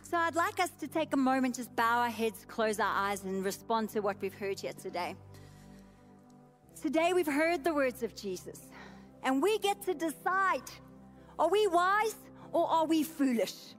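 Woman pastor, high voice, emphatic repeating sermon cadence, soft music underneath. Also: lively intonation, a little slow. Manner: emphatic, repetitive preaching cadence.

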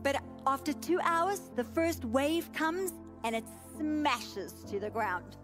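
A woman's voice: high-pitched, expressive, slow, music in the background. A woman pastor in her thirties preaching a sermon with an emphatic, repetitive cadence.

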